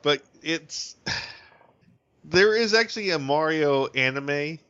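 A man co-hosting a podcast in casual chat, quick to joke, often stumbling over repeated words. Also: fairly high pitch, expressive, bright, forceful tone. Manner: quick to joke, stammering restarts. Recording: dull lo-fi podcast audio.

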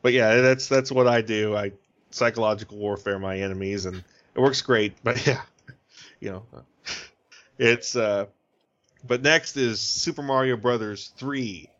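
A man co-hosting a podcast in casual chat, joking and rambling in an animated way. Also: medium pitch, measured pace. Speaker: podcast co-host. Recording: dull lo-fi podcast audio.

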